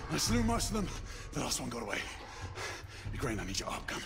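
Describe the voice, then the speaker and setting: A man's voice: mid-range voice, huge pitch swings, fast talker, creaky. A man playing a grim, terse male knight hunting werewolves in a video game.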